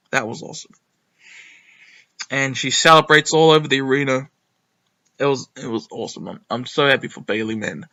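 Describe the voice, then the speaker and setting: A young man recapping a wrestling show in a rambling, excitable way, with lots of ums and some swearing. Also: medium pitch, vocal fry, dull audio. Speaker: wrestling reviewer. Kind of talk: casual recap monologue.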